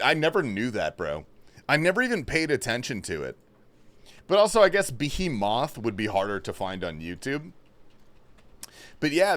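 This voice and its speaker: A man's voice: mid-range voice, fairly bright tone. A man streaming a game live, chatting casually with viewers, laid-back and swearing often, calling everyone bro and man. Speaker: livestreamer. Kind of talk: casual gaming livestream chat.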